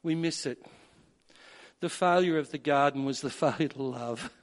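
A man preaching a sermon, measured at first and building to emphatic peaks. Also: on the high side. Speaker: pastor.

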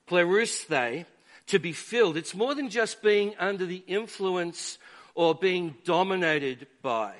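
A man preaching a sermon to a church, measured and emphatic, with deliberate pauses. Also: high-pitched, a bit bright. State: dry throat.

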